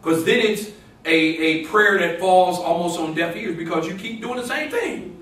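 A man's voice: high voice, moderate pace, a bit bright. A man preaching a sermon in church, quoting scripture and building to emphatic exclamations with call-and-response. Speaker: pastor. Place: church sanctuary. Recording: echoey church room from a distance.

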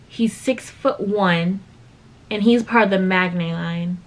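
A woman's voice: medium pitch, takes it slowly. A young woman hosting a reaction video, chatting casually and animatedly, often restarting her thoughts. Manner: chatty, animated, trailing off and restarting, bursting into laughter. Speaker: YouTube reaction host.

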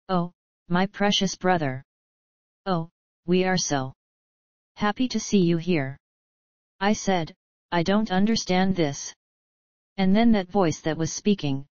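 Man preaching real slow, earnest storytelling, stops and repeats himself, dull old tape, dry sound. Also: high voice, clear, resonant tone, no room sound. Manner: earnest storytelling with halting repetitions and acted-out quotes. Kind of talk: sermon, recounting a vision. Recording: dull lo-fi archival sermon tape.

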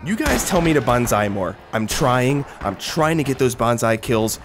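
An excitable young man talks through a war shooter in loose, rambling commentary, swearing freely and breaking into laughs. His pitch jumps around animatedly. Constant gunfire and explosions from the game sit clearly behind him. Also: normal speed, heavy background noise. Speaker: gaming commentator. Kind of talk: casual gameplay commentary. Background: gunfire and artillery from the game.

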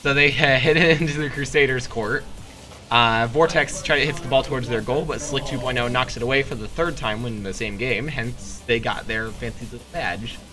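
A teenage boy commentating a school esports match, joking around and bursting into loud excited yells. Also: mid-range voice, moderate pace, music in the background. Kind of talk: casual play-by-play commentary.

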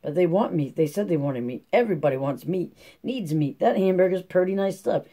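A man's voice: sits high, lively intonation, a little fast, warm tone. A man voicing a weary, stern poor farm mother, speaking in a rural drawl. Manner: rural drawl, firm but tired.

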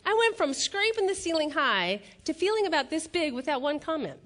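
Brief: woman keynote speaker, middle-aged, higher voice, lively storyteller playing to a live crowd. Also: brisk. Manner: animated storytelling, acts out quotes, laughs at own jokes. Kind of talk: live keynote speech with stories. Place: stage before a live audience.

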